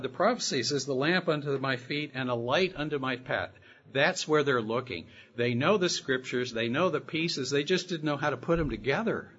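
A man giving a sermon-style Bible study, reading scripture passages slowly and with emphasis. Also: mid-range voice, fairly bright tone, slightly rough. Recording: dull lo-fi recording.

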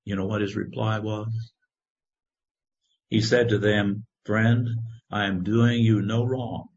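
A man preaching a sermon, reading scripture in a slow, measured way. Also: lowish voice, fairly even intonation, darkish tone. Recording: dull lo-fi recording.

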